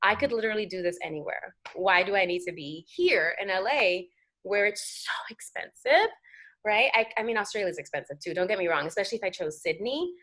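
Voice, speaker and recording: Brief: American actress, animated and talkative, mid-pitched, interview guest. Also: female voice, a little fast. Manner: animated, chatty, many fillers. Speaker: guest actor. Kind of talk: casual interview chat.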